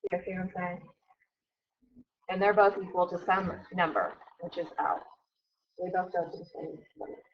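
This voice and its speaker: A woman's voice: lowish voice, fairly even intonation, normal speed, long pauses. A woman teacher giving a casual classroom math lecture, chatty and often correcting herself. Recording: dull lo-fi recording.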